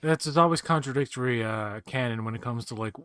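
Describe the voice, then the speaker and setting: A man co-hosting a casual movie commentary, blunt and joking, breaking into quick silly voices. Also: mid-range voice, crowd noise. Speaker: podcast co-host.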